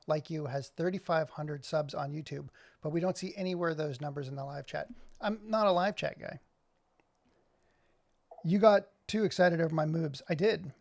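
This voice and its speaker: A man's voice: a little high, gravelly. A man hosting a casual live stream from his computer, rambling and joking as he talks to his chat. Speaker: livestream host.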